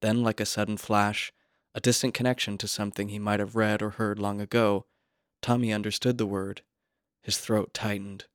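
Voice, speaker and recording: Low, dry-voiced male story reader. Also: clean tone, no room sound. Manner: measured, quiet, even storytelling. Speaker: narrator. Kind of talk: scripted literary narration.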